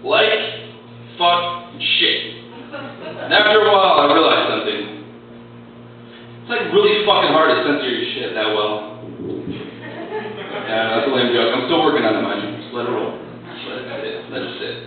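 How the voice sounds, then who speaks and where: A man's voice: mid-range voice, animated, moderate pace, pauses often, slight background noise. Sex: man. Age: 20s. Style: crude, rambling stand-up. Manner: crude, rambling and self-mocking. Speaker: stand-up comedian. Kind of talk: stand-up comedy set. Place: small comedy club, live. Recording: echoey lo-fi club recording from far off with crowd.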